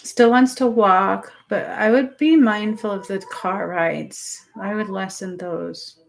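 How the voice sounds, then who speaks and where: On a live stream, an animal energy healer runs a healing session, speaking slowly with a medium-pitched, fairly even voice and some vocal fry. Her talk is soft and meandering, full of fillers and restarts, and she often describes symptoms as if she feels them herself.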